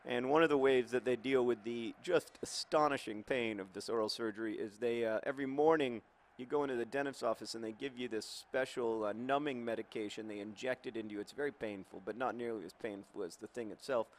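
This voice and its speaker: A man's voice: mid-range voice, a little fast. A man hosting a football management game in casual, rambling, wry commentary, his mouth numb after oral surgery.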